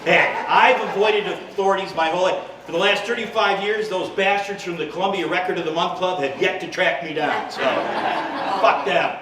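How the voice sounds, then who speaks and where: A fifty-something American man tears through a crude stand-up set in a high, pushed voice, ramping up into shouted rants. He sounds a little distant from the mic, in an echoey club room full of noise and laughter. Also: moderate pace. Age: 50s. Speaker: stand-up comedian. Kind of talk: live stand-up routine. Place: comedy club stage with live audience. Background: audience laughter.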